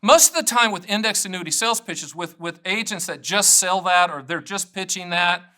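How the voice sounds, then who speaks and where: A middle-aged man, an annuity agent, talking straight to camera in an energetic, joking way that wanders off on tangents. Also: sits high, moderate pace. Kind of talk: casual direct-to-camera talk.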